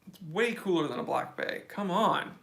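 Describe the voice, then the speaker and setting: Gravelly, bright-voiced young man answering live chat. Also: high voice, lively intonation, moderate pace. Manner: blunt, opinionated, casual slang. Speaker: watch channel host. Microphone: phone.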